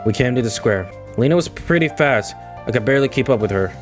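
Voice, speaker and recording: A man's voice: medium pitch, lively intonation, quick pace, soft background music. A young man reading a visual novel aloud and reacting with exasperated, slangy outbursts. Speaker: gaming video creator.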